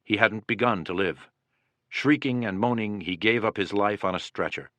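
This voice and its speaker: A soldier's sober written account of battle, delivered slowly and somberly in a lowish voice, as a man narrates it. The sound is dry and close. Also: bright, forceful tone, no echo. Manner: measured, somber. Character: male soldier writing a sober war account.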